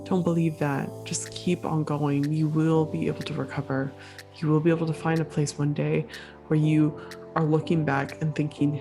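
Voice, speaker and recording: Over music, a female podcast host speaks alone at a moderate pace, her low voice delivered flatly. She's ill and slightly out of breath, yet her talk is casual, encouraging, and heavy on fillers.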